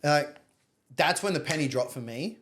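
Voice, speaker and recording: A young Australian man telling a story in casual chat, animated, acting out other people's lines and swearing casually. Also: on the high side, normal speed. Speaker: podcast guest.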